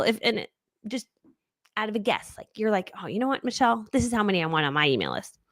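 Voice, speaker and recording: An energetic woman coaching viewers through a live stream, her voice jumping high with enthusiasm and then dropping low as she mutters to herself while searching her screens. Her voice sits at a middle pitch, and the sound is dry and close. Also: no room sound. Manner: energetic, chatty, big upbeat swings in pitch; thinks aloud while fumbling with screens. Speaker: online business coach.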